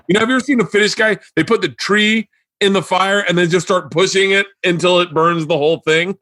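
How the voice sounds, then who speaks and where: A man chatting on a comedy podcast, telling animated stories and acting out the other people in them, swearing freely. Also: high voice, fast, no room sound. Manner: animated, acts out quoted voices, swears freely. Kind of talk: casual chat, storytelling.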